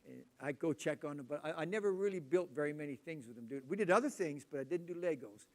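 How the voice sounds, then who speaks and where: A man in his sixties preaching a sermon, telling loud, animated family stories. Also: a little high, quick pace. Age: 60s.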